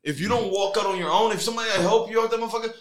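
A middle-aged man on a casual podcast, telling his fight stories with animated energy and plenty of swearing. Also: high-pitched, racing. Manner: animated storyteller, heavy swearing.

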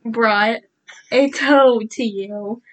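High-voiced, slow-talking young woman. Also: expressive, a bit bright, low-quality recording. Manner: dry, teasing. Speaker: host's daughter. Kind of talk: casual chat.

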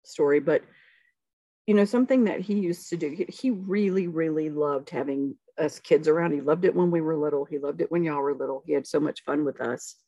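A middle-aged woman with a Southern US accent, a podcast guest telling family stories in a relaxed, folksy way. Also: deep voice, fairly quick, no room sound. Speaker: podcast guest, the hosts' mother. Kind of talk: casual family storytelling.

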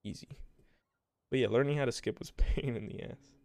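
Gravelly young man rambling on a podcast. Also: medium pitch, moderate pace, darkish tone, no echo. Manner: profane, self-mocking, rambling. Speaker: podcast host. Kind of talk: casual rambling storytelling. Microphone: home desk mic.

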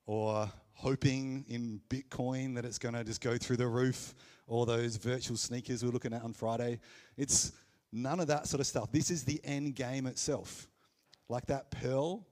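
A man with an Australian accent preaching a sermon at a Sunday church gathering, conversational and animated, with playful asides. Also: medium pitch. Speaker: pastor.

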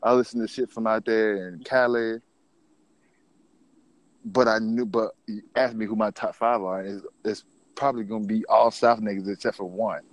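A man's voice: on the low side, steady tone, moderate pace, no echo. A man in casual conversation, telling stories about rap music in a laid-back, slangy way with plenty of swearing.

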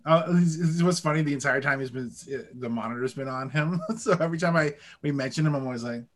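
A man co-hosting a casual podcast chat, animated and quick to swear and act out voices. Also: fairly high pitch. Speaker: podcast co-host.

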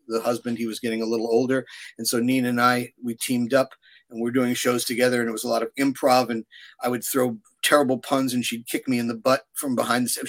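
A man in his sixties speaks as a guest in a conversational interview. His voice is middle-pitched, and he wanders through his stories with many fillers and restarts. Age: 60s. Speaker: puppeteer guest.

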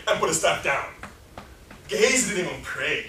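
A man's voice: fairly high pitch, very animated, moderate pace, sharp tone, roomy sound, distant mic. A man preaching a passionate sermon, acting out scenes in different voices. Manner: impassioned, acts out scenes in many voices.

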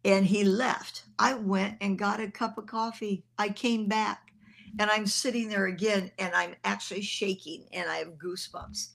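A woman's voice: mid-range voice, fairly even intonation, moderate pace, vocal fry, fairly bright tone. An older woman minister telling a personal testimony in an earnest, conversational way. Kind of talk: testimony storytelling.

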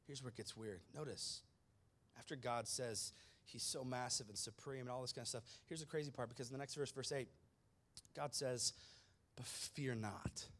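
A male preacher giving an animated, conversational sermon with slangy asides. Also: medium pitch, a little fast.

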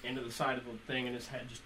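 A man's voice: medium pitch, fast talker, very noisy. Profane young man telling stories. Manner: profane, animated anecdote-telling with laughter. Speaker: storyteller among friends. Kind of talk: casual chat.

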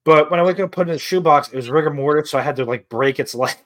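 A man's voice: on the high side, rapid-fire. A young man co-hosting a podcast, rambling through hypotheticals with a lot of "like" in casual chat. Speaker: podcast co-host.

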